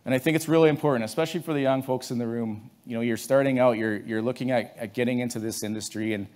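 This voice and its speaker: A man from Canada speaks to a conference room in a relaxed storytelling way, pitched right in the middle for a man. He often doubles back and restarts his sentences as he talks things through with the audience. His delivery sounds unscripted and friendly rather than polished. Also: fast talker. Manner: conversational storytelling, many restarts. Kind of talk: conference talk.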